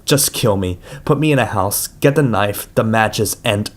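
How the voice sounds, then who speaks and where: A man voicing a numb, captive teenage girl who speaks in a flat, sluggish, pleading way in an audiobook. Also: on the low side, a little slow, lightly acted.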